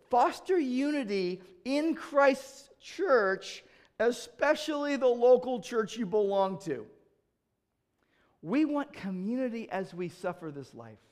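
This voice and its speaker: A male pastor preaching a sermon in an emphatic way, telling stories with acted-out exchanges and swinging between loud urging and quiet, low passages.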